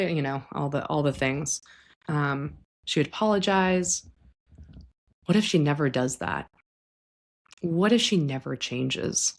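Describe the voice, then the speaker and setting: Gentle and reflective, a woman therapist with a low voice walks her podcast listeners through a clinical idea in a conversational psychology talk. To illustrate, she occasionally takes on the voices of clients or parents.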